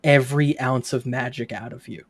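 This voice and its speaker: A man's voice: medium pitch, steady tone, moderate pace. A man narrating as game master in a tabletop game, in a loose, casual way with many filler words.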